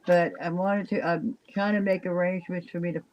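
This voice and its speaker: A woman's voice: lowish voice, level tone, brisk, lo-fi sound, slight background noise. Tired, chatty older woman. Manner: rambling, chatty, trails off with fillers. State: exhausted. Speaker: live stream chat participant. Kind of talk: casual chat.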